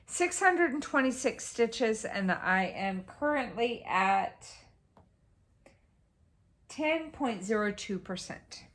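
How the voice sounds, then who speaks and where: Chatty, excitable woman vlogger. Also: on the high side, takes it slowly. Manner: chatty, rambling, excitable, swears casually. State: tired and yawning. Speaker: cross-stitch vlogger. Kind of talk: casual show-and-tell chat.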